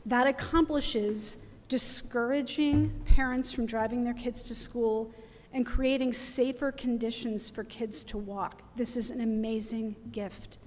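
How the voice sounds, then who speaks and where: Woman, middle-aged, near tears, pleading, higher voice, long hall reverb. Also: steady tone, unhurried, a little mellow, a little hiss or hum. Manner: pleading, emotional, urgent. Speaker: resident giving public comment. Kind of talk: impassioned public comment. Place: council meeting hall.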